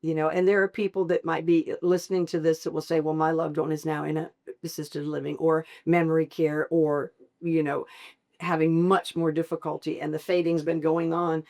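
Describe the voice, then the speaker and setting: Expressive middle-aged woman telling her story. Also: low voice, moderate pace. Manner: expressive, laughs often, acts out quoted dialogue. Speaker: podcast guest. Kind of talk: emotional personal storytelling.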